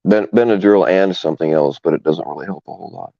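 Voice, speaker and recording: A man's voice: sits low, fast talker, creaky, warm tone, no echo. A man hosting a casual stream, rambling and hesitant with many fillers. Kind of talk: casual live stream chat. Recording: dull, lo-fi stream audio.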